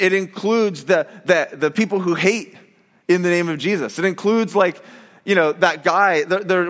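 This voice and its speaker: High-pitched guy pastor, chatty sermon, lots of restarts, big echoey church sound. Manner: conversational, animated preaching with many fillers and restarts. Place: church hall.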